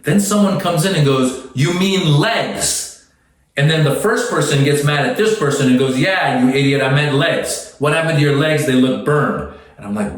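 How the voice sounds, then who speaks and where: A man's voice: a little high, lively intonation, a little slow. A man telling a comic story, exasperated, breaking into indignant outbursts. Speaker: comedian. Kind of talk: comedic storytelling. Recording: very echoey room.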